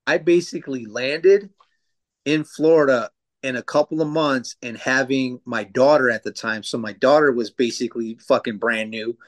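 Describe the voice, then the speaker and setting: A man's voice: medium pitch, normal speed. A man in his thirties, a tattoo artist guest, telling stories in casual podcast chat with lots of swearing and fillers. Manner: loose, profane storytelling with many fillers.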